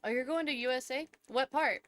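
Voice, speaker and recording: A woman chats with her stream while she plays, giggly and talkative. Her voice is smooth and clear, and she answers her viewers' questions easily. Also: sits high, brisk, a bit bright, dry recording. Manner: chatty and giggly, answering chat. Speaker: live streamer. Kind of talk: casual chat with viewers while gaming.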